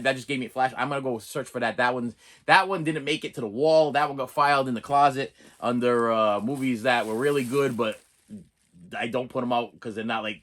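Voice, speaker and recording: Reviewing bargain movie discs, this middle-aged man has a medium-pitched, slightly bright voice. He rambles casually, stammers and restarts a lot, cracks jokes, and slips into off-key singing and impressions.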